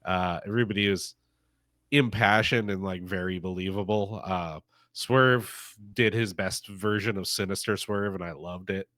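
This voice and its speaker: A man's voice: sits low, steady tone, moderate pace, pushed and bright, no room sound, clean studio sound. A man co-hosting a wrestling podcast, talking enthusiastically and casually, with frequent "uh" fillers. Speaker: podcast co-host. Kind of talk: casual wrestling review chat.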